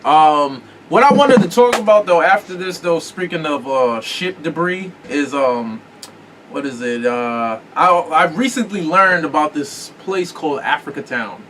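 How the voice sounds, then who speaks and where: A man hosting a podcast in loose, casual chat. He swears freely and keeps pausing to hunt for words. His voice sits a little high and sounds set back from the mic, with a faint hiss behind it. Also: lively intonation, fairly bright tone. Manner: rambling, profane, searches for words. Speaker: podcast host. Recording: distant mic with faint room noise.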